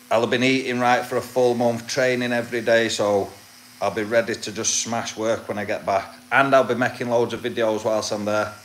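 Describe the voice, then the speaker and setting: A man's voice: medium pitch, fairly bright tone, slight background noise. Chatty man. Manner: chatty, greets viewers. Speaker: tattoo artist and video host. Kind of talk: casual chat.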